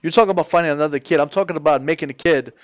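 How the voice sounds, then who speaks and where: A man's voice: on the high side, racing. A man on voice chat, ranting and arguing with heavy profanity. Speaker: voice chat participant. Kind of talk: heated casual argument.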